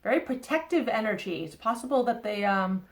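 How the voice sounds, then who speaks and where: A woman with a Boston accent talks through a tarot reading in a loose, rambling way. Her voice sits a little high. She keeps checking in with her viewers as she goes. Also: animated, brisk. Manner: chatty, rambling, often asks okay. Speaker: tarot reader. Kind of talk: casual tarot reading to camera.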